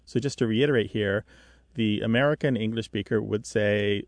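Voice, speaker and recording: A man's voice: on the low side, moderate pace, no echo. A man co-hosting a call-in radio show about language, patiently explaining dialect differences with vivid comparisons. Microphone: studio mic.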